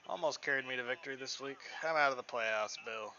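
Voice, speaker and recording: A man's voice: mid-range voice, fast talker, highs cut off. A man streaming a game, chatting casually and rambling at length with friends. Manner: rambling, animated. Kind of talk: casual chat while gaming.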